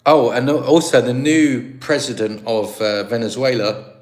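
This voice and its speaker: Hosting a livestream, this English man has a medium-pitched, darkish voice with fairly even intonation and a moderate pace. His chat is rambling and easygoing as he reads viewer comments, full of restarts and laughs.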